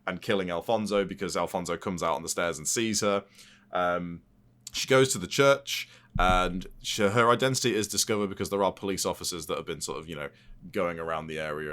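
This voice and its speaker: A man's voice: sits low, a bit bright. A man co-hosting a film podcast, recapping a plot in a loose, rambling and profane casual chat. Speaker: podcast co-host.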